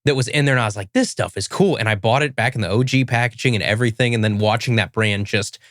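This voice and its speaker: Chatty podcast host, dry close sound. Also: male voice, on the low side, fast, dry recording. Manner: relaxed, chatty, with fillers. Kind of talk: casual interview chat.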